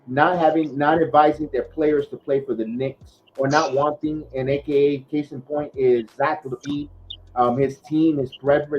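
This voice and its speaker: A man's voice: medium pitch, slight background noise. A man hosting a casual sports podcast, talking in a rambling way with lots of fillers and restarts. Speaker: podcast host. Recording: dull lo-fi podcast audio.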